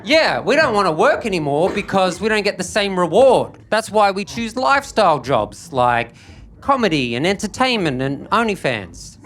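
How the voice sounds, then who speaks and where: A young man doing stand-up on a club stage into a handheld mic, dry and self-deprecating, with sudden jumps into a higher voice. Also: big pitch swings, normal speed. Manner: dry, self-deprecating delivery with sudden high-pitched bursts. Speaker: stand-up comedian. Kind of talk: stand-up routine. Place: comedy club stage with audience. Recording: live stage recording with crowd noise.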